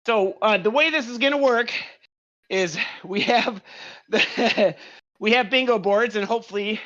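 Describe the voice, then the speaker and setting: A man's voice: sits high, measured pace, pushed and bright, lo-fi sound. A man hosting a casual live podcast, out of breath as he introduces guests while riding an indoor bike. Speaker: podcast host.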